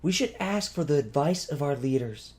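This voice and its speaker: Casting: male reader as a proper, grave cat lady, raised pitch, measured formal speech. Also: lively intonation, darkish tone, natural voice. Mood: solemn. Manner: formal, stately wording. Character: formal, solemn female cat creature.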